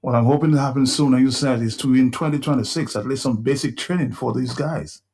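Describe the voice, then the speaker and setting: A man's voice: medium pitch, fast, creaky, a little mellow, husky. A male radio talk show host, conversationally summing up what his guest has said. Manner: conversational, sums up the guest's points.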